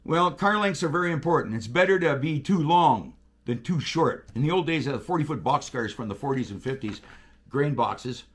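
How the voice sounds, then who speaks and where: Lively high-voiced man. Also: normal speed. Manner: animated, profane, acts out radio calls. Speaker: guest, railroader. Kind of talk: casual storytelling chat.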